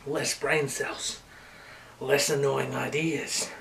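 Slow, profane man ranting from far off. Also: mid-range voice, creaky. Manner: profane, erratic, swinging between shouting and muttering. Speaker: vlogger. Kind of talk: manic comedic rant. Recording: echoey room, distant mic, noisy.

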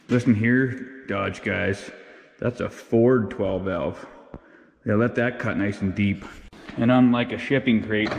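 A man's voice: on the low side, long reverb tail. A man hosting a casual unboxing vlog, talking in crude, rowdy, heavily profane banter. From Canada. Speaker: channel host.

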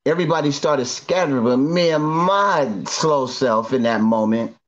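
A man's voice: medium pitch, expressive, normal speed. Man telling his story, lo-fi sound. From Northern California. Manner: repetitive, slangy storyteller who restarts often. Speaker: guest giving a testimony. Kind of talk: emotional first-person storytelling.

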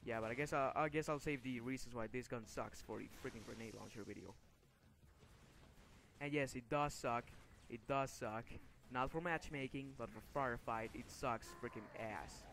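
A young gaming video creator narrates his own gameplay, frustrated and swearing, breaking into sudden angry outbursts between mumbled asides. His medium-pitched voice is a bit bright, with slight background noise.

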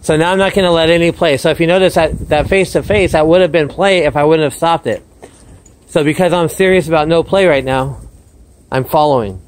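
A man's voice: on the high side, fairly quick, low-quality recording. A man vlogging as a dog trainer, explaining his dogs' behaviour and calling out to them by name. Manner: upbeat, calls out to dogs between explanations. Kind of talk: casual vlog commentary. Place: outdoors in a yard with dogs.

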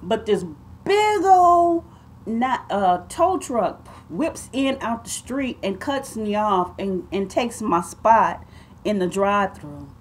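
A woman tells a story straight to her viewers. Her voice sits at an ordinary middle pitch, and she talks in an animated, emphatic way, calling them y'all and babe. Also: takes it slowly. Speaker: vlogger.

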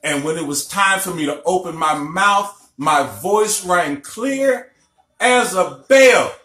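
Man, middle-aged, fairly high voice, bright tone, emphatic lecturing, echoey recording. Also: a little slow. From Illinois, USA. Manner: emphatic storyteller, checks in with listeners. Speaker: spiritual teacher. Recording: echoey room, faint music behind.

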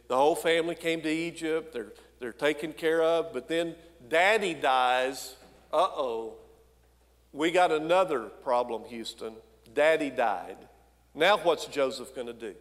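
A senior pastor preaching a sermon in a folksy, conversational way, with frequent asides to the congregation. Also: male voice, on the high side, lively intonation, moderate pace, long reverb tail. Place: church sanctuary.

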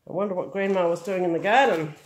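An older woman reading a picture book aloud, gentle and amused with chatty asides. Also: fairly low pitch, fast. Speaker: storyteller.

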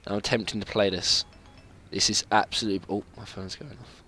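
A man's voice: fairly low pitch, little pitch movement, fairly quick, pushed and bright, husky. Chatty young man playing a game. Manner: chatty, apologetic, laughs and yelps at the game. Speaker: gaming channel host. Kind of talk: casual gameplay commentary.

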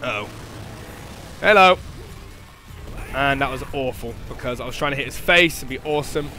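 A young man giving excitable gameplay commentary, swearing and shouting at the game. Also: mid-range voice, normal speed, soft background music. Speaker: gaming commentator.

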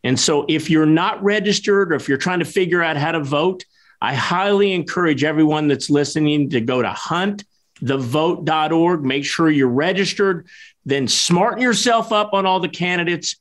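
A man's voice: a little high, normal speed. A man co-hosting a show, wrapping up with plain, encouraging direct appeals to listeners. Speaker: co-host. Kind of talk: show wrap-up, addressing listeners.

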